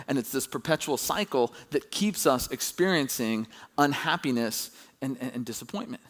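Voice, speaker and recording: A man preaching a sermon as pastor, telling a story with animated, rising emphasis when excited. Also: mid-range voice, moderate pace, hardly any pauses.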